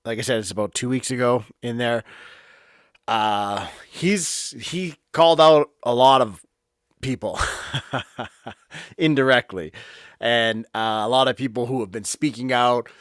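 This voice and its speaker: A man's voice: mid-range voice, a little slow, long pauses, fairly bright tone, no echo, clean studio sound. Blunt man ranting on his podcast. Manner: blunt, swears, heated. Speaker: podcast host. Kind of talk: casual opinion monologue. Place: home office.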